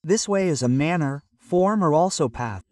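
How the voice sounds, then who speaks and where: A man's voice: on the high side, lively intonation, moderate pace, a little mellow, no echo. Man drilling English phrases, a bit distant. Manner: repeats phrases over and over, drilling pronunciation. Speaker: English pronunciation teacher. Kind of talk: phrase-by-phrase language lesson.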